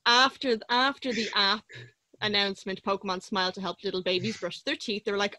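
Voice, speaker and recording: A woman in her thirties, chatting casually as a podcast co-host and telling an animated story. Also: brisk, dry recording. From Ireland. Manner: animated storyteller, acts out quotes in a high squeal. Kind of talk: casual chat.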